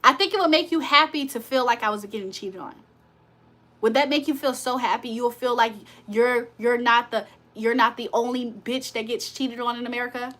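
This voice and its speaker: A woman's voice: on the high side, normal speed, fairly bright tone. A woman hosting a casual livestream, talking to her viewers in a blunt, profane, confrontational way. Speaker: livestream host. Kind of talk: casual live chat to viewers.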